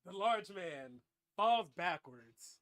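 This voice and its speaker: Animated man spinning a comic tale. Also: sits high, takes it slowly. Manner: animated, breaks into laughter, dramatic narration. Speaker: host. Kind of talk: improvised comic storytelling.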